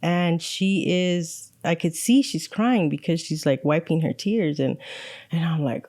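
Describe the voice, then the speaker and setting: A woman's voice: on the low side, a little slow, mellow, no room sound, clean studio sound. A woman in her forties, from El Monte, California, telling her own story as a podcast guest, frank and wry. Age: 40s. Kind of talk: candid personal story.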